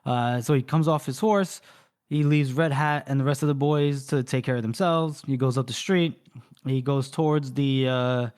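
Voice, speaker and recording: A man on a book podcast, talking through a story scene by scene in an easy, rambling way. His voice sits at an ordinary middle pitch, and he slips into quick put-on voices for the characters before dropping back to his own. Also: a little mellow, clear, resonant tone. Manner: rambling retelling with many fillers, acting out lines. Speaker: podcast co-host. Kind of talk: casual book recap.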